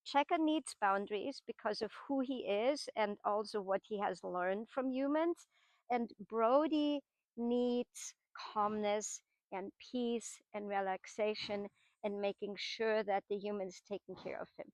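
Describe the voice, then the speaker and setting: A woman's voice: mid-range voice, measured pace, dry recording. Patient, explanatory woman horse trainer. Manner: patient, explanatory, with frequent tag questions. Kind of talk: explanatory teaching talk while working horses.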